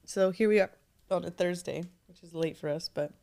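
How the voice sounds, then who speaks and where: A young woman co-hosting a casual podcast while nine months pregnant, chatty and quick to laugh. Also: on the low side, creaky, warm tone. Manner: giggly, chatty, lots of fillers. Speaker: podcast co-host. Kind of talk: casual chat.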